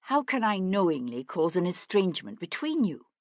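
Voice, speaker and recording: A woman voicing a frightened young actress who pleads in a breathy, trembling way. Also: lowish voice, sing-song, moderate pace, dry recording. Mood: anguished.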